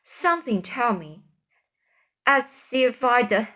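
A woman's voice: a little high, very animated, sharp tone, exaggerated voice. A woman voicing a frightened man accused of murder, pleading between sobs in a storybook reading. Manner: pleading, halting.

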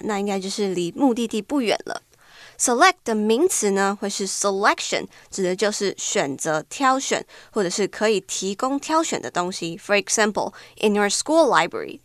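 A woman co-hosting an English lesson, clearly explaining vocabulary in Mandarin with English examples. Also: medium pitch, no room sound, clean studio sound. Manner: clear and explanatory, with short interjections. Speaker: bilingual English teacher co-host.

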